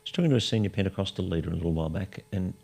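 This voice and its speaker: A man's voice: low-pitched, racing, gravelly, a little mellow. A man hosting a conversational interview, speaking candidly and asking probing questions. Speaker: podcast host.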